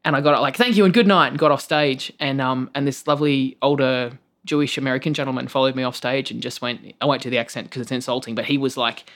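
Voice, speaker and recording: Australian comic guest, animated storyteller, swears a lot, voice leaps high on quoted lines. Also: fast talker. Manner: animated, swears freely, jumps into high-pitched acted quotes. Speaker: stand-up comedian, guest. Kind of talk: casual storytelling in conversation.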